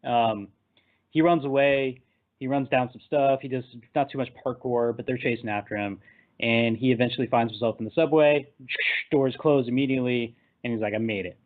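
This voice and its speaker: A man's voice: medium pitch, steady tone, normal speed. A man hosts a casual movie chat and walks through the plot scene by scene. He rambles and laughs at his own asides. His voice comes through thin and tinny, like a phone call. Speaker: podcast host.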